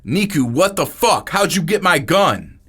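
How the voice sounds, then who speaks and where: Man voicing a profane angry gangster, loud and commanding, lively. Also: a little high, a little slow, husky, pitched above the performer's own voice, heavily acted. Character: tough angry young gangster.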